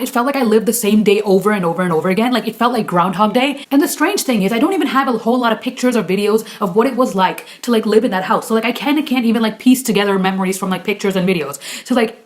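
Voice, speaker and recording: A young woman rattling through a personal story at a breakneck pace. Her speech is loose and chatty, crammed with fillers and the occasional curse, with a voice of middle pitch. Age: young adult. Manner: rapid chatty storytelling full of fillers and swearing. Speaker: vlogger. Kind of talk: casual storytime vlog.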